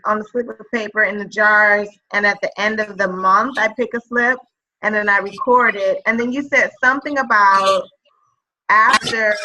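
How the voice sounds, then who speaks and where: A woman's voice: medium pitch, sharp tone, poor audio. A woman student in a writing workshop, asking a question hesitantly and with fillers.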